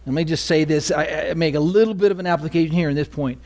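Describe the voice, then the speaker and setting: A man preaching from the pulpit in a sermon, his voice sitting a little high for a man. He swings between near-whispered asides and loud, climbing emphasis. He keeps asking his listeners questions and pausing for answers. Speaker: pastor. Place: church sanctuary.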